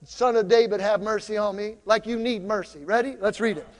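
A male pastor preaching a lively sermon in a church, drawing the congregation into call-and-response. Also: high-pitched, fairly quick, long reverb tail. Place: church sanctuary.

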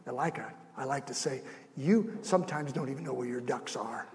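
A middle-aged man preaching a sermon as pastor, animated, shifting between soft and loud with acted asides. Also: mid-range voice, a little fast, in a large hall, background noise. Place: church sanctuary.

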